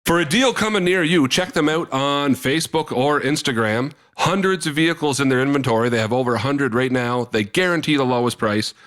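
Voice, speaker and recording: A man's voice: mid-range voice, a little fast, hardly any pauses. A man co-hosting a podcast, telling funny stories with a laugh and acting out the voices of the people in them. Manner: animated, laughing often, acting out quoted voices. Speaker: podcast co-host. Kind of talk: casual chat, comic storytelling and live ad read.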